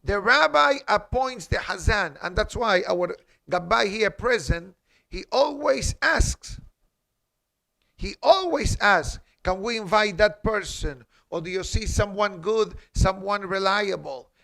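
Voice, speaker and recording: Teaching a halakha class in a synagogue, a rabbi speaks slowly in a high-pitched, animated voice that is creaky, pushed and bright. His emphatic style includes Hebrew quotations and rhetorical questions.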